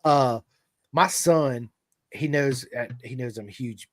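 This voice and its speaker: An American man hosting a podcast, chatting casually and telling animated, hyped-up stories to his guest. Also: mid-range voice, slow pace, no echo, studio quality. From United States. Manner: excitable, hyping, animated storyteller. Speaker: podcast host. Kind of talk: casual chat with ad read.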